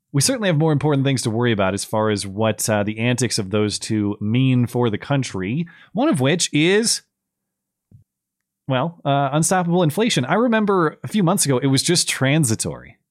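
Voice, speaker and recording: A man's voice: medium pitch, moderate pace, no room sound, clean studio sound. A man hosting a podcast, giving casual, sarcastic political commentary and laughing as he talks. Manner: sarcastic, animated, laughs while talking. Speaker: podcast host.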